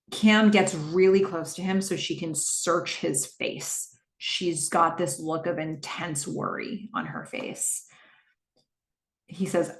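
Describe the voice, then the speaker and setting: A woman's voice: low-pitched, slow. A woman hosting a podcast, recapping a TV episode in a reflective way and asking her listeners what they think, with frequent fillers. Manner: reflective, asks listeners questions; narrates scenes with frequent fillers. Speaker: podcast host. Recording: echoey room.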